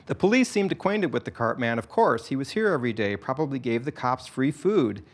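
A man's voice: mid-range voice, lively intonation, a little fast. Man narrating a story. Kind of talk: scripted narration.

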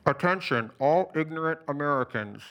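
Brief: male narrator as preachy taunting activist, slogan-shouting ranter. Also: medium pitch, animated, moderate pace, lightly acted. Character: ranting male conspiracy activist with bullhorn.

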